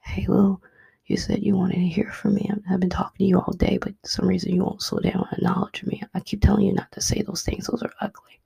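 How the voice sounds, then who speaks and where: A woman putting on the voice of God in a whispered role-play, softly and patiently repeating a reminder. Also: mid-range voice, little pitch movement, fast, gravelly, husky, full character voice. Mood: gently coaxing. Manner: soft, coaxing, repeating reminders.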